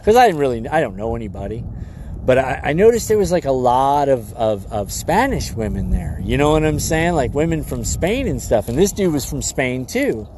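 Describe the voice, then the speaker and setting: A man hosting a live stream, rambling through an animated story with lots of fillers. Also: mid-range voice, moderate pace, slight background noise.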